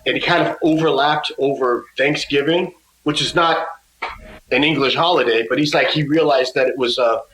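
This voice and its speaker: A man's voice: mid-range voice, moderate pace, fairly bright tone, echoey room, a little hiss or hum, low-quality recording. A man guesting on an interview, telling stories in a casual way and acting out the other people's lines. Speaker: musician guest.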